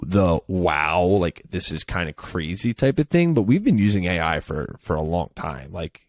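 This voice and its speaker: A young man talks loosely on a podcast and fills his sentences with "like." His voice is very deep. The recording is dry and close. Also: moderate pace, dry recording. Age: young adult. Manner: relaxed, lots of filler "like". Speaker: podcast co-host. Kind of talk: casual chat.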